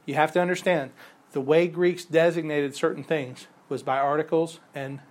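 A man's voice: on the high side, fairly even intonation, normal speed. A man teaching a Bible class, explaining patiently, repeating key points and quizzing his students, with the odd chuckle at his own examples. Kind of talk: classroom lecture.

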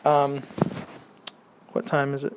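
A man's voice: medium pitch, completely flat delivery, slow, noisy background. A man teaching a Bible class in a casual lecture, talking conversationally and quizzing the class with questions.

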